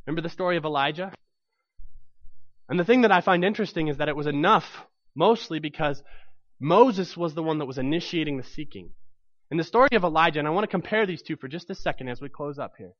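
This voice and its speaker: A man's voice: on the high side, lively intonation, quick pace, no echo, dull audio. A man preaching a sermon to his congregation, telling the story with animation and acting out the voices in it.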